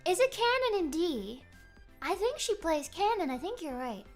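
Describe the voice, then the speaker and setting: High lively young woman streamer. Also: moderate pace, soft background music. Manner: animated, giggly, rambling storytelling. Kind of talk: casual chat. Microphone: streaming microphone.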